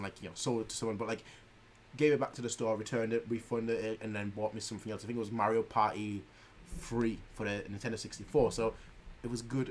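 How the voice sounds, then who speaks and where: A young man hosting a reaction video in a chatty, animated way, laughing often. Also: medium pitch, slight background noise. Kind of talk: casual chat.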